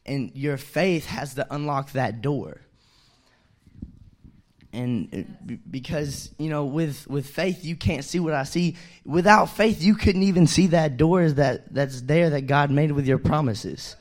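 A man's voice: a little high, a little slow. Chatty young man preaching. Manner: loose and chatty, many fillers, swells louder on key points. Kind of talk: casual sermon.

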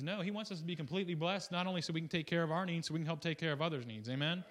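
Here a guest preacher talks very fast through a loose, informal sermon. He keeps restarting and slipping in asides, alternating between loud, excited outbursts and quiet, low-voiced comments.

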